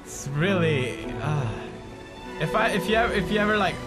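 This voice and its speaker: A man commentating a game playthrough, excitable and swearing often as he talks to his companion. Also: high-pitched, moderate pace. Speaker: gaming video host. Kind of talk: let's play commentary. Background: game music.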